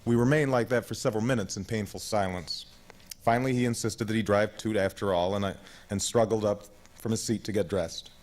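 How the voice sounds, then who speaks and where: A man in his thirties narrating his own memoir as an audiobook, in a measured, reflective way. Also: lowish voice, fairly even intonation, darkish tone, low-quality recording. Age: 30s.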